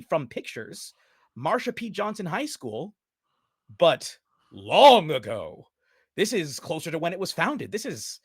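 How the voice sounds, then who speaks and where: A man's voice: fairly bright tone, no echo, clean studio sound. Dramatic male game master narrating. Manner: slow and dramatic with long pauses, dropping low for ominous moments.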